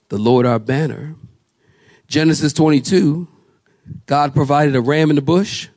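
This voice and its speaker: A man preaching a sermon as pastor, quizzing his congregation and swinging from slow, low scripture readings to raised emphatic lines. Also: a little mellow. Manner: preaching with call-and-response questions to the congregation; slows and drops low for scripture names, rises high for emphasis.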